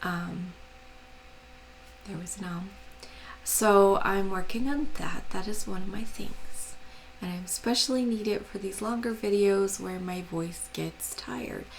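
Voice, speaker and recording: Slow, gravelly-voiced woman chatting softly. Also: mid-range voice, a little hiss or hum, rough recording. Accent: American. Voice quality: gravelly, slow and soft-spoken. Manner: rambling, hesitant, frequent ums. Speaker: crafting channel host. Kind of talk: casual chat to camera.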